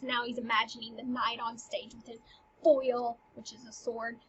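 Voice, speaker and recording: A woman's voice: a little high, level tone, normal speed, fairly bright tone, a little hiss or hum, poor audio. Chatty young woman explaining a play. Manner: chatty, uses slang and "like" a lot. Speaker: literature teacher. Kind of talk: casual lesson.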